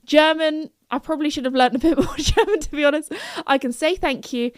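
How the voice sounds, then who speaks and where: Young british woman, podcast host, rambling casual chat, higher voice, dry close sound. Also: fairly quick, no room sound. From United Kingdom. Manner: chatty, giggly, rambling with self-corrections.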